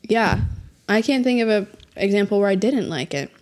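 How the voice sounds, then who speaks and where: A woman's voice: medium pitch, expressive, normal speed, darkish tone. A woman co-hosting a book podcast in casual chat, giggly and exclamatory, swearing freely. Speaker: podcast co-host.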